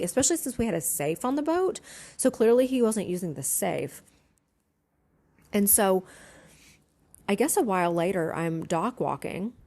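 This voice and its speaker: A woman's voice: fairly low pitch, darkish tone. A woman, a former yacht stewardess now captain, casually telling a story to camera, chatty and laughing often.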